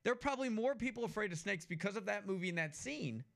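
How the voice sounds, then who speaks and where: Gravelly high-voiced man co-hosting sports talk. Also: lively intonation, fast. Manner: teasing, playful banter; reads listener messages aloud. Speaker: sports talk show co-host. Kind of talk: casual chat.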